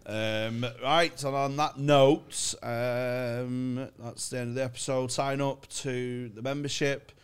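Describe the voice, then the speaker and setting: A man's voice: medium pitch, steady tone, slow, few pauses, clean tone. A man co-hosting a comedy podcast, talking in a dry, blunt way and reading out the sign-off. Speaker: podcast co-host. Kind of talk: casual podcast chat.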